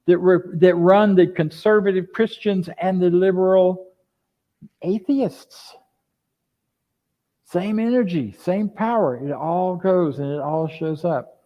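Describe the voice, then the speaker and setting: An older man preaching a conversational sermon as a minister, lively and full of rhetorical questions to his congregation. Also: sits high, takes it slowly. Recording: dull lo-fi sound.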